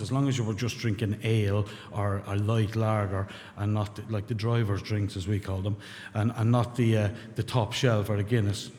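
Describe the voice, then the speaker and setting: A man's voice: lowish voice, warm tone. A middle-aged Irish man from rural Ireland, sharing his story at a recovery meeting in a blunt, candid way, with swearing and wry self-mocking humor. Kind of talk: personal testimony to a group. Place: meeting room. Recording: long hall reverb.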